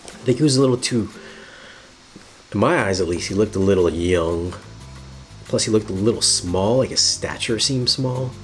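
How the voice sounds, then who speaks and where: A man's voice: fairly low pitch, moderate pace, pauses often, soft background music. A man reviewing movies on a live stream, talking casually and giving blunt opinions with frequent restarts. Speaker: film and home theater reviewer.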